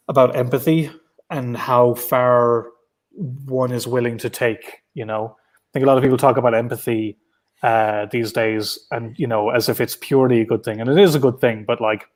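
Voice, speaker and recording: A man's voice: mid-range voice, a little mellow. A man with an Irish accent, a writer guest at a convention, talking casually in a rambling way with many restarts, heard over a video call. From Ireland. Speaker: comic book writer guest.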